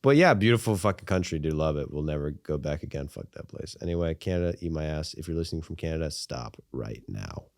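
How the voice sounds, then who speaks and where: A man's voice: very deep voice, fast, few pauses, clean tone, no echo, studio quality. A man co-hosting a sports podcast, joking around and rambling in casual chat, swearing freely. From United States. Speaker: podcast co-host.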